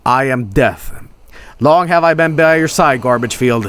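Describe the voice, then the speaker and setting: A man voicing Death, a solemn grim male spirit, in a text adventure game, speaking in slow archaic phrases. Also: mid-range voice, a bit bright, clean tone, close to an everyday voice.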